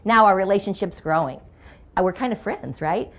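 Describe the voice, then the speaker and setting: A middle-aged woman delivers a humorous keynote as a motivational speaker, telling stories in a playful, conversational way. Her mid-range voice is expressive and moderately paced.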